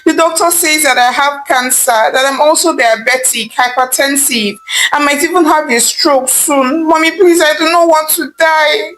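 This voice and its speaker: A woman's voice: mid-range voice, animated, measured pace, a bit bright, slight background noise, low-quality recording. A woman voicing a scornful young lawyer daughter, who mocks and dismisses what she hears. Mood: frightened. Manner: mocking, dismissive, laughing.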